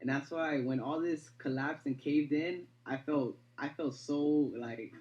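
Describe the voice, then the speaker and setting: A man's voice: a little high, measured pace, darkish tone, muffled recording. A young man telling his story in a casual interview. He rambles, repeats words, and leans on fillers like "you know.". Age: young adult.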